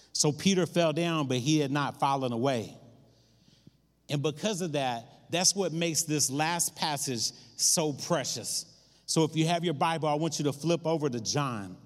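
A male pastor preaching, his voice sitting a bit high for a man. He tells the scripture story in a lively, conversational way, often calling out to the room. His voice rings with a long hall reverb. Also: a little slow. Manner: animated storytelling, acts out voices in the scripture, frequent "man" and "all right?". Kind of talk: sermon.

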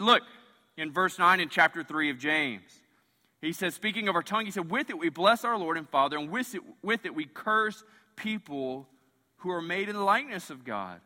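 A man preaching a sermon as pastor, animated, surging loud and then dropping quiet. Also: on the high side. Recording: long church hall reverb.

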